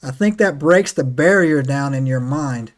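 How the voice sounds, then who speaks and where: A man hosting a casual podcast chat, an excitable storyteller who keeps checking in with "right?" and "man". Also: fairly high pitch, measured pace. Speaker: podcast host.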